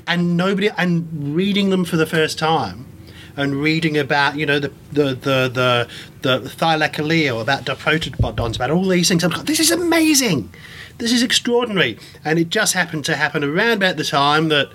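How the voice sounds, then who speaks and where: Enthusiastic male guest, fairly high voice, lively storyteller, faint hiss behind. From England. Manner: animated, enthusiastic, many restarts. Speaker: guest, science communicator and performer. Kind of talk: casual storytelling interview.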